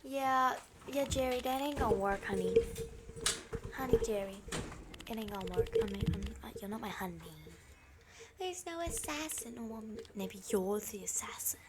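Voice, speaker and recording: A woman's voice: high-pitched, lively intonation, moderate pace, noisy background. A woman hosting a gaming channel, giving playful, dramatic let's-play commentary while role-playing, dropping to whispers and bursting into panicked screams.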